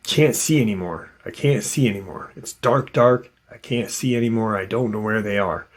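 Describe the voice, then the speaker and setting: A man's voice: lowish voice, normal speed, lightly acted. A man voicing a panicked rancher father guarding his home, who talks in short, repeated, frightened bursts.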